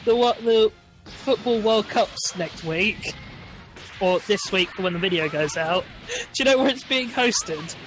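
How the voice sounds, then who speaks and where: Male let's-player, high-pitched, sarcastic and ranty over gameplay. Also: measured pace, music in the background. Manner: ranting, sarcastic, swears. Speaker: let's play host. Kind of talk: casual gaming chat.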